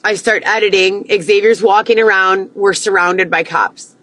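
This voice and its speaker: A woman's voice: mid-range voice, fairly even intonation, unhurried, a bit bright, no room sound, rough recording. A young woman ranting to camera, agitated and heavy with profanity, repeating herself as she vents. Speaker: vlogger.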